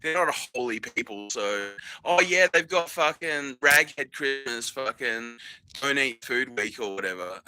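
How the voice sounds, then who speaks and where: Male podcast host, unhurried and sharp-toned, crude mocking monologue full of ums. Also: medium pitch, expressive, smooth, no echo, poor audio. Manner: profane, sarcastic, mocking, laughs mid-sentence; many fillers and restarts. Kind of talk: rambling solo podcast monologue.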